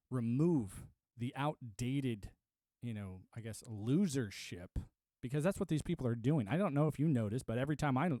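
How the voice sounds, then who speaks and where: A man's voice: medium pitch, mellow, no echo, studio quality. Rambling, ranting male streamer. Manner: rambling, emphatic ranting with many fillers. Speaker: livestreamer. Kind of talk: live-stream monologue.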